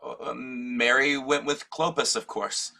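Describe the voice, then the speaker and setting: A man's voice: medium pitch, level tone, creaky, pushed and bright, full character voice. A man playing a stammering anxious disciple. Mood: nervous. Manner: halting, stammering. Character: anxious, aggrieved male disciple. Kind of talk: audio drama acting.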